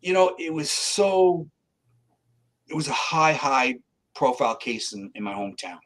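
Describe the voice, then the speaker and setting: With a slightly high voice and a somewhat slow pace, a middle-aged Canadian man tells a story in a casual interview where he's the guest psychic. He brings it to life by acting out the quoted voices, though the recording is rough.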